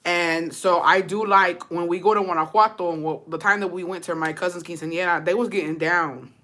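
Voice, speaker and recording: A woman's voice: lowish voice, fairly even intonation, sharp tone. A woman telling a story to her live chat, cursing freely and switching between English and Spanish. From Texas. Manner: profane, switches into Spanish, quick laughs. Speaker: streamer.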